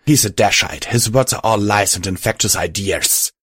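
A man's voice: fairly low pitch, normal speed, a bit bright, husky, no echo, studio quality. Man doing an agitated suspicious pony buck. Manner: hissing, accusing, agitated. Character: anxious, hostile young male pegasus buck.

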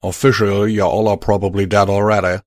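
Man doing a drawling gruff pony gunslinger. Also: on the low side, level tone, a little fast, dry recording, studio quality, close to an everyday voice. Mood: firm. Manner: firm, blunt, drawling. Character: gruff male pegasus stallion gunslinger, drawling.

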